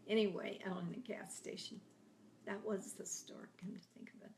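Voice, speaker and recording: A woman in her eighties telling family stories from her childhood in a chatty, laughing way, often trailing into soft half-whispers. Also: mid-range voice, steady tone, moderate pace, slight background noise. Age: 80s. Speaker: grandmother telling her life story. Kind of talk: casual oral history reminiscing.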